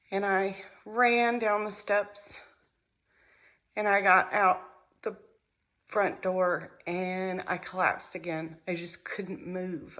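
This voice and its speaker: Slow, halting woman telling a hard story. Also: mid-range voice, bright, forceful tone, dull audio. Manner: halting, emotional, repeats phrases. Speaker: mother recounting a family crisis. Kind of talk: personal storytelling to camera.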